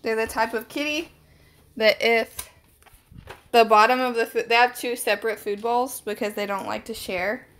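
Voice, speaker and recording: A woman's voice: a little high, fairly even intonation, normal speed, fairly bright tone. A young woman hosting a casual live stream from home on her phone, rambling and chatty with lots of "like" fillers.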